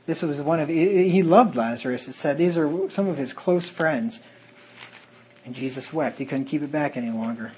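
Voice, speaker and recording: A man's voice: on the high side, fairly quick, few pauses, darkish tone, slight background noise, rough recording. A man preaching a sermon in an earnest manner, reading Bible verses aloud in old-fashioned wording.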